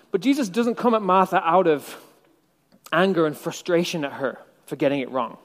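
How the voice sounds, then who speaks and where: A man's voice: a little high, sing-song, normal speed, in a large hall. A male preacher giving a sermon in a conversational, reflective way, with wry asides.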